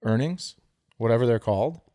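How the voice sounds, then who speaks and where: A man's voice: mid-range voice, moderate pace, warm tone, dry recording, clean studio sound. A man co-hosting a casual podcast, ranting comically and swearing freely. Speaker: podcast co-host. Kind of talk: casual chat.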